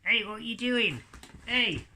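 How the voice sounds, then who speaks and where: A man's voice: extremely high pitch, lively intonation, slow pace, pushed and bright, a little hiss or hum, voice pushed up, heavily acted. A man doing the voice of his ventriloquist puppet, a sleepy, cheeky male character who talks without lip movement. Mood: startled.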